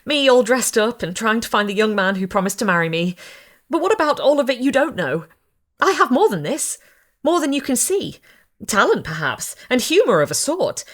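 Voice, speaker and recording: Woman reader as a jilted young bride, high, breathless, politely desperate. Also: big pitch swings, moderate pace. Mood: distraught. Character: anxious young woman searching for her missing groom.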